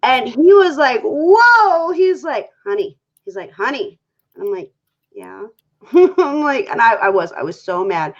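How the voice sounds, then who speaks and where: Her voice fairly high and her pace moderate, this woman appears as a guest on a talk show and opens up candidly about her relationship. She animatedly reenacts things she once said in past conversations, captured in dull lo-fi audio.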